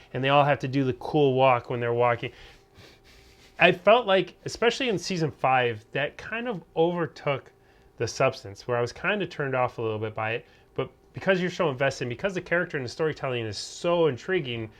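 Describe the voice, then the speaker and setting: A man's voice: medium pitch, fairly bright tone. A man hosting a podcast, talking through his views on a TV series. He is opinionated but hedges often and restarts his sentences as he goes. He speaks into a studio podcast mic. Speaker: podcast host. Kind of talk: casual podcast review chat.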